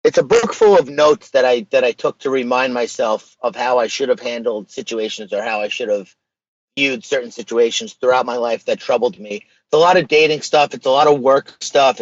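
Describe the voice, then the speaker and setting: A man's voice: medium pitch, no room sound, muffled recording. A man talking as a podcast guest, emphatic and casual, dropping slang. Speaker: podcast guest, social media page creator. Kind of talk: casual interview conversation.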